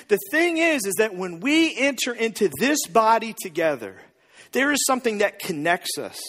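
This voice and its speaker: A man preaching a sermon as pastor, telling the story in an animated, joking way. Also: very high-pitched, in a large hall. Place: church.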